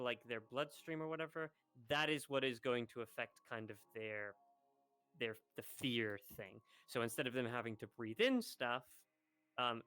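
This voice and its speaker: Man, event organizer, rambling casual instructions, bright crisp voice, voice chat mic. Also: medium pitch, no room sound. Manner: loose and rambling, heavy filler words. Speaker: event organizer briefing role-players.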